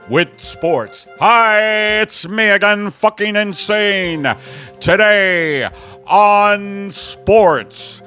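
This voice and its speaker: A man's voice: fairly high pitch, full character voice. A man improvising a manic, cackling male newscaster at the end of the world. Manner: manic, cackling, swings loud and soft. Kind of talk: improvised comedy bit.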